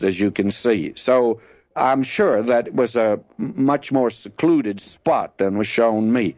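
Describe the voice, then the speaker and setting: A man's voice: medium pitch, slow, dry recording. A man giving a folksy, conversational Bible teaching, often addressing listeners as friends. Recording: dull lo-fi dry recording.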